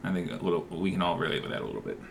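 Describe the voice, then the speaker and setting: A man co-hosting a podcast in casual chat, dry and deadpan, moving things along to the next email. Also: sits low, racing, creaky, very noisy. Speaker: podcast co-host.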